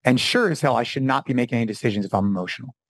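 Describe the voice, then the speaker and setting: A man in his forties talking casually as a podcast guest, telling stories with animated delivery and acting out quotes. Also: mid-range voice, rapid-fire, no echo, low-quality recording. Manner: animated storytelling, acts out quotes. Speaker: podcast guest, former fitness champion and gym owner. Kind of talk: casual interview talk.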